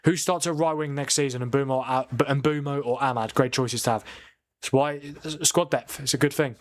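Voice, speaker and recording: A man's voice: mid-range voice, moderate pace. A man hosting a live football watchalong, chatting with viewers and reacting to the match as it plays. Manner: chatty, reads and answers viewer comments; excitable reacting to match incidents. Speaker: watchalong streamer.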